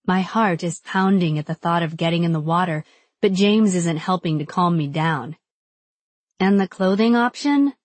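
A woman's voice: lowish voice, steady tone, moderate pace, no room sound. A young adult woman giving intimate, reflective first-person audiobook narration.

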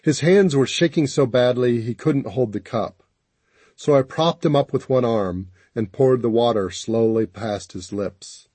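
A man narrating a first-person audiobook in a steady, even storytelling manner. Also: medium pitch, unhurried, husky, dry recording.

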